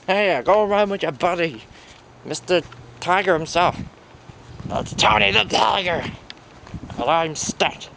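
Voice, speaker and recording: A man telling a toy story in a playful way, jumping between silly high and low character voices. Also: takes it slowly, vocal fry, pauses often, noisy background. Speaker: toy video maker voicing all characters.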